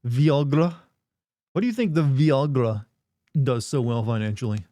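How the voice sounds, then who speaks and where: A man riffing with his live chat in loose, joking banter. His voice is warm and mellow at a middling pitch. He is recorded close and dry on a desk mic. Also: sing-song, moderate pace, no room sound. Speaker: livestream host. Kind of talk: casual live-stream chat.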